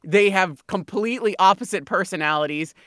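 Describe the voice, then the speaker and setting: A woman's voice: medium pitch, a little fast, fairly bright tone, no room sound, clean studio sound. A woman co-hosting a podcast in casual chat, talking emphatically and repeating herself to drive points home. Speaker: podcast co-host.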